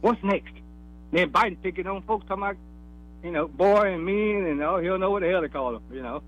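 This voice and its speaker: A man's voice: high-pitched, fairly quick, fairly bright tone, lo-fi sound. Folksy man on a call-in line. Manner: folksy, teasing, Southern slang. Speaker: caller. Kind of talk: casual call-in banter.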